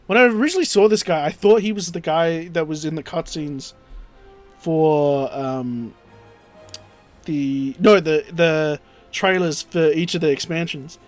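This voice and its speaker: A young man with a high-pitched voice chats loosely as he plays, swearing freely and breaking into game dialogue. Faint music plays under his voice. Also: unhurried. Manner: casual, swearing, laughing, reads game dialogue aloud. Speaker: gaming streamer. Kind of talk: casual game commentary and dialogue reading.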